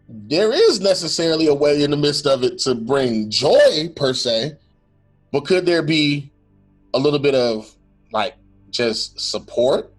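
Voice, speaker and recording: A man co-hosting a casual faith-based talk, earnest and reflective, often acting out what someone might say. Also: fairly high pitch. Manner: earnest and reflective, quotes imagined speech, restarts often. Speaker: podcast co-host.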